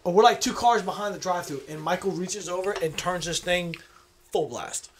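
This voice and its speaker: A man's voice: sits high, normal speed, slight background noise. A man guesting on a podcast, telling an easygoing story in casual chat, with many "uh" and "like" fillers and some swearing.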